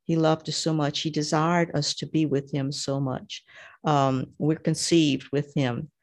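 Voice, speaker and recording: A woman leading a prayer group, reading a devotional text aloud and reflecting on it in a gentle, devout way. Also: deep voice, level tone, measured pace. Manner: devout, gentle, with frequent fillers like "you know".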